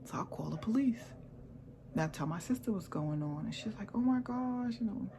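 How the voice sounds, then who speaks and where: A woman's voice: low voice, lively intonation, brisk, warm tone, a little hiss or hum. A middle-aged woman telling a painful personal story in a vlog, emotional and repetitive, sometimes dropping to a near whisper. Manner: emotional, repeats herself, drops into a near whisper. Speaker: vlogger.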